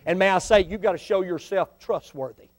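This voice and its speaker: High-voiced man preaching a sermon. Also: brisk. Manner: preaching with swells of loud emphatic lines and quiet asides. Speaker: pastor.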